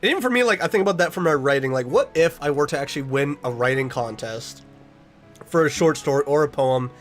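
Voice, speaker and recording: A man's voice: fairly high pitch, quick pace, faint music behind. A young man streaming a casual chat with his viewers, earnest and rambling as he reads their messages aloud.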